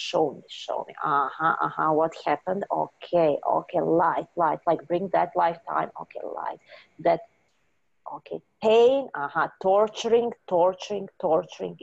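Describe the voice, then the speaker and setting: Female healer guiding a session; fry in the voice, muffled lo-fi audio, repetitive chant-like lines. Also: fairly low pitch, normal speed, hardly any pauses. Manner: repetitive soothing chanting, leads the guest in repeated phrases. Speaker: spiritual healer. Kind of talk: guided healing session.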